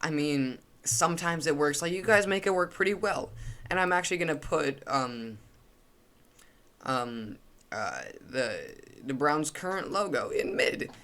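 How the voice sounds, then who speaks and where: A man's voice: a little high, lively intonation, a little slow, fairly bright tone. A young man giving a casual, opinionated commentary while ranking logos, rambling with frequent restarts and fillers.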